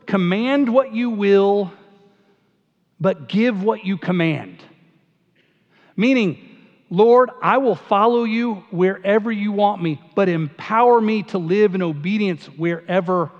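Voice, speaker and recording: A man preaching a sermon to his congregation, conversational and emphatic, often repeating himself. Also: high voice. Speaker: pastor. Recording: dull sound, long hall reverb.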